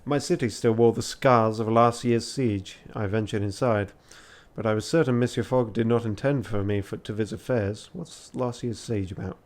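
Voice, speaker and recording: A man's voice: fairly low pitch, steady tone, normal speed, hardly any pauses, a little mellow. A tired man reading a text adventure aloud late at night on a charity stream, with joking asides.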